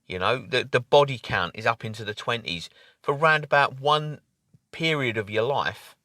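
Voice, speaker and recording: A man's voice: mid-range voice, normal speed, sharp tone, no room sound, studio quality. A man talking casually to camera in a rambling opinion monologue with many fillers and restarts. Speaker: vlogger.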